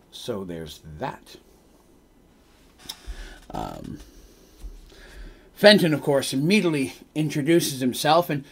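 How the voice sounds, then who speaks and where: A man's voice: mid-range voice, breathy edge. A man narrating a tabletop game as its game master on a live stream, rambling with casual asides and correcting himself as he goes.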